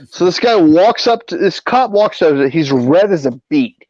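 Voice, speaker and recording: This middle-aged man hosts a podcast, casually rambling through profane stories in a high-pitched, slightly mellow voice with lively intonation and an unhurried pace. There's no echo, though the audio is dull and lo-fi.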